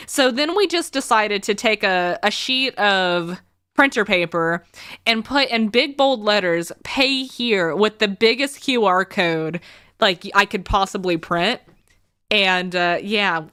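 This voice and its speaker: A woman's voice: medium pitch, sharp tone, clear, resonant tone, no echo, studio quality. A young woman streaming a game, chatting casually with a sarcastic edge and frequent laughter. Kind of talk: casual chat while livestreaming a game.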